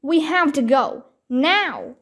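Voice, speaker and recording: A protective male wildlife ranger giving brisk commands, as a woman reads him. The voice stays high and measured. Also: expressive.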